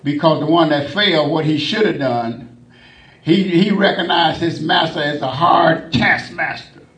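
A man preaching a sermon, working in a refrain of "glory to God" between phrases and rising to shouts. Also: on the high side, a little slow. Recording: echoey room, mic at a distance.

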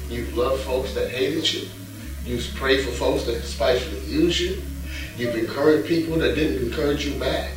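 A man delivers a sermon at an unhurried pace, folksy and returning again and again to one phrase. He is heard from a distance in a very echoey church, with faint music underneath. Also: medium pitch. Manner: folksy preaching, repeats a catchphrase, reads scripture aloud. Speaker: pastor. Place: church sanctuary.

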